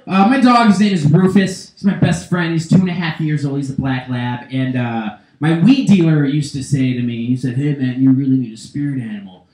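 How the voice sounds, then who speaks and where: High-voiced man doing stand-up in an echoey club. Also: lively intonation, normal speed, few pauses, a little mellow. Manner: loose, rambling delivery with self-interrupting digressions. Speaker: stand-up comedian. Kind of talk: stand-up comedy set.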